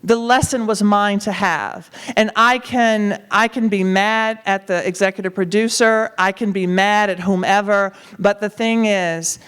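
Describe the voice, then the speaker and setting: A woman's voice: medium pitch, unhurried, few pauses, clear, resonant tone. A woman talk show co-host telling a story in a conversational way, acting out the voices she quotes. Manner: animated, acts out quoted voices.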